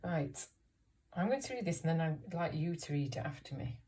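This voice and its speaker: A woman teacher giving an encouraging, expressive reading lesson to young children, asking them questions about the story. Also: sits low, moderate pace. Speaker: primary school teacher.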